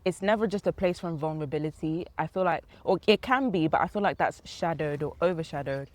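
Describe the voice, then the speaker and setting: A young woman of Ghanaian family, a podcast guest in casual chat, talking reflectively and pausing to search for words. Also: deep voice.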